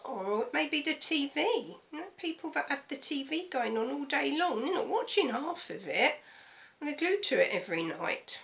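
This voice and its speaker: A woman's voice: sits high, very animated, moderate pace, gravelly, fairly bright tone, highs cut off. An older woman pastor, giving a chatty, conversational sermon with frequent "okay?" asides. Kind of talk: casual sermon.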